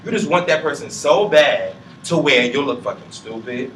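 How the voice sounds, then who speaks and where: A man's voice: a little high, normal speed, hardly any pauses, a bit bright. A young man talking in a group chat, blunt and impassioned, swearing freely. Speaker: panelist. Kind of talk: emotional casual chat. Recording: roomy sound from a distant mic with faint noise.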